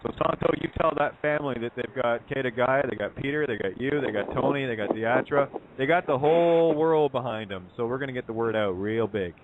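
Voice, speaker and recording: A man's voice: mid-range voice, brisk, hardly any pauses, a little hiss or hum. Radio co-host, man calling in over a tinny phone line, upbeat rallying talk. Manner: rallying, hesitant with fillers.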